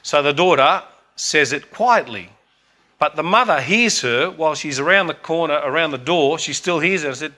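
A man's voice: fairly high pitch, animated, normal speed, sharp tone. A man, preaching and telling a story in an earnest, emphatic way, repeating points for emphasis. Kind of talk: sermon storytelling.

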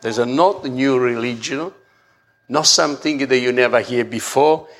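A man preaching a sermon, halting and often repeating words as he restarts his phrases. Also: medium pitch, fairly bright tone.

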